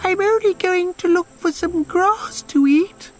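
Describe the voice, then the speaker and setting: A man voicing a tiny, timid young billy goat in a storybook reading, squeaking with fright. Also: a little slow, faint music behind, poor audio. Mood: frightened. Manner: squeaky and quaking.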